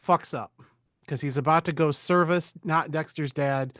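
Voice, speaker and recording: Crude joking podcast host, dry sound. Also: male voice, fairly high pitch, steady tone, a little slow, a bit bright, dry recording. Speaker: podcast host recapping a movie. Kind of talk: casual comedic movie recap.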